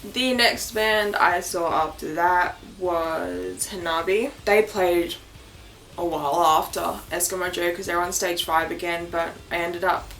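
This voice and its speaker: Young Australian woman, casual vlog chat, excitable and quick to laugh, faint noise behind her. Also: fairly low pitch. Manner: chatty and excitable, laughs often, swears casually. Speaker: vlogger.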